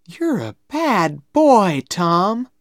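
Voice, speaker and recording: A prim young schoolgirl in a read-aloud storybook, sweet and sing-song, as a woman reader voices her. Her voice is pitched high above the reader's own and bounces lively. The delivery is slow, close and dry. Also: no echo.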